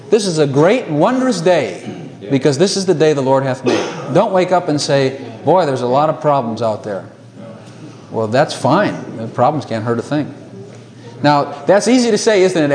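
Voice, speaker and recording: A man preaching a sermon to a congregation, animated, laughing often and asking rhetorical questions. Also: on the high side, a little hiss or hum.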